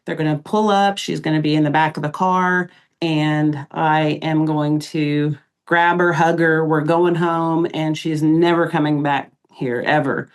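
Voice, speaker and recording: Speaking in a low, steady voice, a middle-aged woman guesting on a podcast describes what happened during an emotional interview. Her account comes out haltingly, broken by frequent pauses and fillers.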